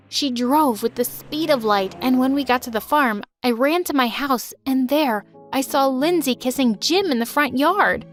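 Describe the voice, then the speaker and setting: A young woman narrating a dramatic animated story in the first person, with emotive delivery. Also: high voice, moderate pace, hardly any pauses, faint music behind.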